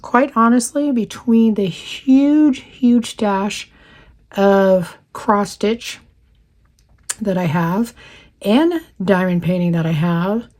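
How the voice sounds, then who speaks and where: Reading viewer comments aloud during a casual stitching session, a fifty-something craft channel host talks slowly in a warm, mellow, mid-range voice. It carries a slightly worn quality, and she's quick to laugh between thoughts.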